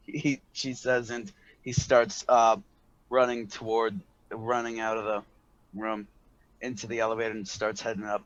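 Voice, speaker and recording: A man's voice: lowish voice, flat delivery. Man narrating as game master, dull audio. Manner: halting, many fillers and restarts.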